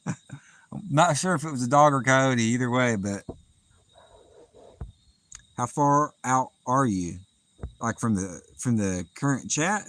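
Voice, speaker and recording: A man with a medium-pitched voice and a Southern US accent hosts a live fishing stream outside at night, casually reading viewer comments and laughing often in a relaxed drawl. The recording is of low quality.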